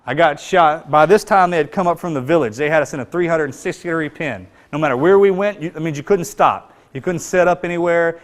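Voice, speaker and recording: A man telling a personal combat story in plain, earnest speech, his voice often sinking low and quiet. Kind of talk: spoken personal account to an audience.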